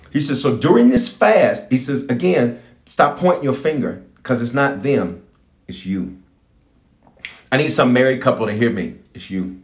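Guy preaching big and lively, voice jumping all over, lots of call and response, echoey room. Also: mid-range voice. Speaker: bishop preaching. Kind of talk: livestreamed prayer sermon.

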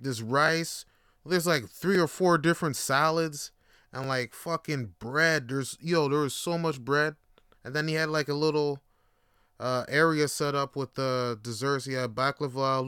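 A man hosting his show, telling a story casually, full of swearing and sudden excited jumps up in pitch. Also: clean tone, no echo, studio quality. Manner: animated, profane, voice jumps high when excited. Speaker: podcast host.

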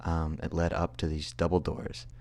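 A young man with a very deep, low-pitched voice tells a personal story casually. He rambles and is self-deprecating, laughing at himself as he goes. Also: completely flat delivery, moderate pace, darkish tone. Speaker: podcast host.

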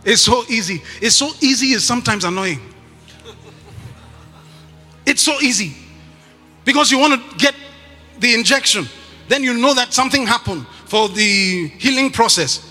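A man preaching a sermon with a very high, piercingly bright voice. He is emphatic and often breaks into shouts, repeating phrases over and over to the congregation. Faint music plays underneath. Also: lively intonation, normal speed, pauses often, in a large hall.

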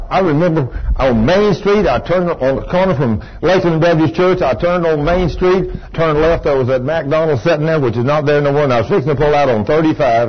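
A man's voice: a little high, quick pace, hardly any pauses, lo-fi sound. An older man preaching a sermon in a church, telling a personal story with emphatic exclamations. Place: church room with congregation.

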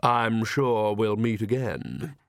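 A man voicing a suave, courteous young male vampire nobleman who speaks slowly and smoothly. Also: fairly low pitch, lively intonation, dry recording, studio quality, full character voice. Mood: silky.

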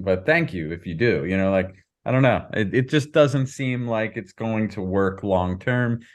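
A man with a lowish voice co-hosting a casual podcast. He gives measured, analytical commentary. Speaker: podcast co-host.

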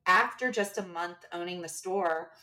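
A woman co-hosting a casual chat, telling stories in a lively way and acting out the lines of the people in them. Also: lowish voice, a little slow, recorded from a distance. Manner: animated, acts out quoted dialogue. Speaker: podcast co-host and bridal shop owner.

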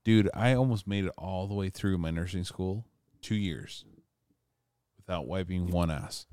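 A man's voice: low-pitched, unhurried, warm tone, clear, resonant tone, no room sound, clean studio sound. A man telling a story in casual podcast chat, swearing freely and laughing along with his co-host. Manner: profane, laid-back, laughs along.

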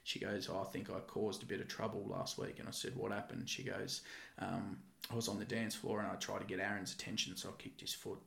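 With a low-ish voice, brisk delivery, and vocal fry, a man who once worked security swears his way through a lively, casual story. There's a roomy echo in the recording.

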